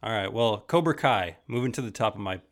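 A man hosting a podcast, chatting in a relaxed, measured way. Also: on the low side. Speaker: podcast host. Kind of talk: casual podcast chat.

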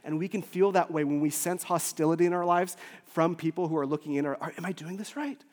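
Man preaching, somewhat high voice, emotional, loud to hushed, long hall echo. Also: fairly even intonation, brisk. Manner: emotional, swings between loud urgency and soft near-whispers. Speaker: lead pastor. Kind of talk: sermon.

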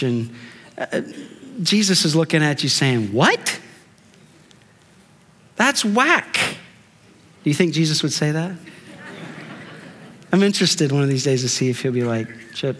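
A man pastor preaching a sermon in a conversational way, with rhetorical questions and drawn-out emphasis. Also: medium pitch. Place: church sanctuary. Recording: long church reverb.

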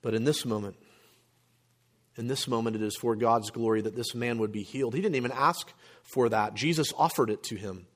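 A male pastor preaching a sermon, emphatic, with rhetorical questions and frequent throat clearing. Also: medium pitch, brisk, a bit bright.

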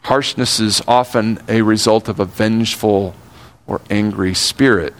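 Older pastor guy preaching, earnest, slows way down on key words then rushes the asides. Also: on the low side, steady tone. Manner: earnest, shifts between slow emphatic phrasing and quick asides. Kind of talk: sermon.

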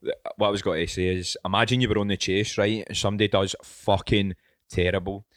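A man's voice: on the low side, fairly even intonation, brisk, no echo, studio quality. A man chatting casually as a podcast co-host, swearing and joking through loose banter. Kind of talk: casual chat.

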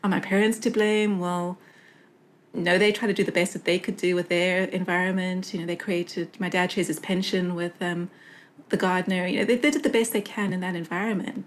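A young woman from South Africa speaking earnestly in a conversational interview, reflective and full of fillers and restarts. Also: fairly low pitch. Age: young adult. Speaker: guest.

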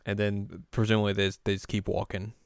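A young man co-hosting a casual chat, retelling scenes with lively put-on character lines. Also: lowish voice, fairly quick, creaky, no room sound, clean studio sound. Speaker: podcast co-host recapping an anime.

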